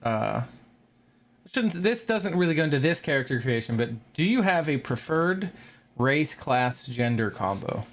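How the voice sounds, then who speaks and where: A mid-pitched voice runs the chat as game master, asking players easygoing questions. Faint clicks sit under the speech. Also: a little slow, slight background noise. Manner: relaxed, asks questions. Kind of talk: hosting a tabletop game chat.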